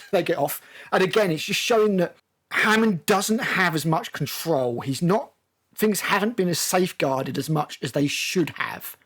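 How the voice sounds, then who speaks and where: A man's voice: sits high, animated, moderate pace, fairly bright tone. A man with a British accent hosting a casual film discussion, recapping scenes at length with many ums and restarts. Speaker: film review host.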